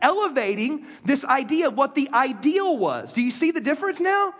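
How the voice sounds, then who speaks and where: A man preaching a sermon to a congregation in a lively, conversational way. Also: very high-pitched, moderate pace, few pauses. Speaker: pastor. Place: church sanctuary with congregation. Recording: long reverb of a large hall.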